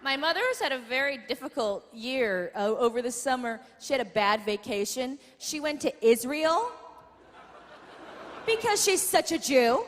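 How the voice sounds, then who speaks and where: A woman comic talks to a theater audience in a chatty, self-mocking way and swears for punch. Her voice sits high. The live sound carries a long hall reverb, crowd noise and steady room noise. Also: moderate pace. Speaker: stand-up comedian. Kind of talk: stand-up comedy. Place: large theater stage.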